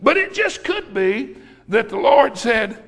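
A middle-aged man preaching a folksy, rousing sermon, often breaking into shouts. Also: very high voice, big pitch swings, slow pace.

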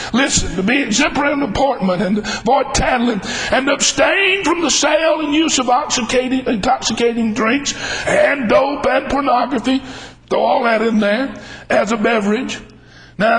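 Very high-voiced fervent preacher man. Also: rough recording. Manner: fervent, emphatic, bursts into shouts. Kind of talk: sermon.

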